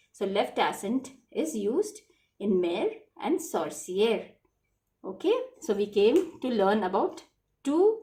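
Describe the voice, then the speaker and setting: A woman teaches French to children, spelling out letters and repeating each word patiently. She talks slowly, and her pitch swings up and down in a lively way. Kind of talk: classroom lesson for children.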